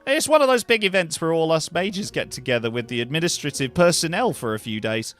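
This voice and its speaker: A man voicing a weary, polite woman mage and potion brewer in a higher put-on voice with a questionable accent, chatty and dry. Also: sing-song, brisk, fairly bright tone. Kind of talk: voicing characters in a cozy narrative game.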